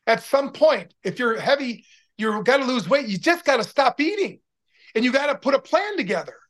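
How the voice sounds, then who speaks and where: A man's voice: very high-pitched, sing-song, normal speed, a bit bright. A man in his sixties, a former pro football player, telling stories as a guest in a casual interview in an upbeat, motivational, rambling way with many restarts.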